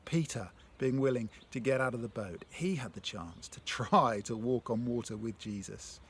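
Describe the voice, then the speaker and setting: A man giving a reflective devotional talk. He reads a prayer aloud and then puts gentle questions to the listener, moving between hushed phrases and stronger ones. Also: mid-range voice, normal speed, a little hiss or hum. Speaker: speaker sharing a faith story.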